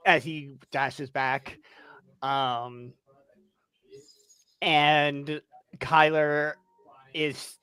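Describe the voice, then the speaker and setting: A player in a tabletop role-play who talks slowly and hesitantly and laughs often. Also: medium pitch, a bit bright, no room sound.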